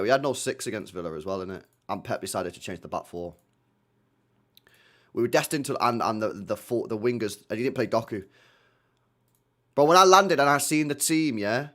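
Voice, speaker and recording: A man's voice: fairly low pitch, fairly bright tone. A man running a live football reaction stream, blunt and slangy, swearing freely as he reacts to the play.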